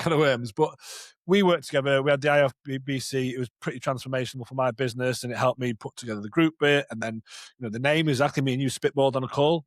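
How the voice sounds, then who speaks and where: Fast-talking Northern English man, dry sound. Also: medium pitch, dry recording. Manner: rambling, candid, swears freely. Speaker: podcast host. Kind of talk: casual interview chat.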